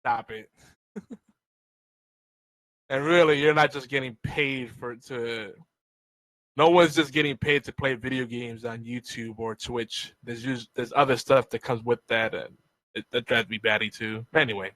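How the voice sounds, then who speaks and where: A man's voice: mid-range voice, unhurried, a bit bright, no echo. A man co-hosting a podcast, giving wry, amused commentary in casual chat. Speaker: podcast co-host.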